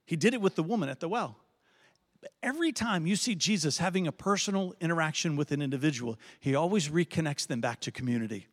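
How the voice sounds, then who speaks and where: A middle-aged male pastor telling a story in a sermon, animated and conversational, often asking his audience "right?". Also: sits high, brisk. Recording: long hall reverb.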